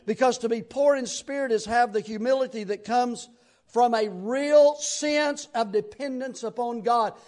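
A middle-aged man from Tennessee with a Southern accent, preaching a sermon in a folksy, rambling way with sudden loud bursts. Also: very high-pitched, measured pace. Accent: Southern American. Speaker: pastor.

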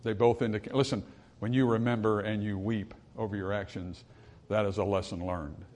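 A man preaching a sermon to his congregation in an earnest voice. He rises for emphasis and then drops low and quiet. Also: fairly even intonation, a little fast. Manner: reads scripture in old-style phrasing.

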